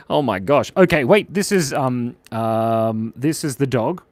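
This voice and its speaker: A man's voice: medium pitch, lively intonation, slow, a little mellow, dry recording. Giggly man drawing live. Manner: playful, giggly, chatty, reads out viewer comments. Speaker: drawing livestream host. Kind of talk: casual live drawing chat.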